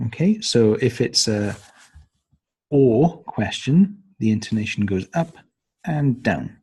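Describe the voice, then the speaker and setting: Slow, low-voiced man with a husky tone. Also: lively intonation, warm tone. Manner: hesitant, many ums and uhs. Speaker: teacher trainer. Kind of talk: instructional walkthrough of a lesson plan.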